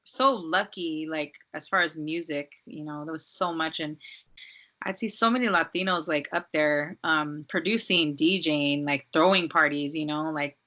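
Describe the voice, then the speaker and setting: A woman from Los Angeles, a DJ, chatting casually as a podcast guest in a relaxed, rambling way full of "like" and "um.". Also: low voice, normal speed. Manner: relaxed, rambling, heavy use of "like" and "um".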